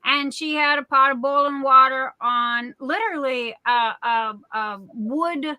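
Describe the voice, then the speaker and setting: A woman's voice: high-pitched, a little slow, sharp tone, clean tone, no echo. A middle-aged woman hosting a livestream, telling rambling folksy stories in a casual chat full of fillers. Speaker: livestream host.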